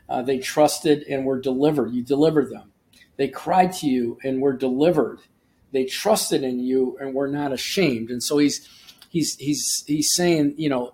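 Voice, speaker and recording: A man's voice: medium pitch, darkish tone. A man hosting a short devotional podcast, teaching earnestly and reading scripture aloud with emphasis, often restarting his sentences. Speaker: podcast host and preacher.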